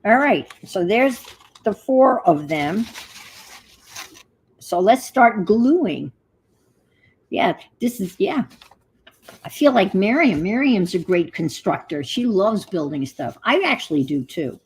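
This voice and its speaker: A woman's voice: mid-range voice, very animated, slow, long pauses, a little hiss or hum, rough recording. An older woman hosting a crafting livestream, chatting casually and muttering to herself as she works. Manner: talks to herself while working, muttering asides.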